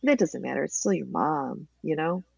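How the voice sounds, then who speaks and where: A woman's voice: low-pitched, normal speed, creaky, husky, no room sound, lo-fi sound. Woman telling her story with feeling. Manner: animated storytelling, emotional at times. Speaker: interview guest, cancer advocate. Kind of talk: candid interview conversation.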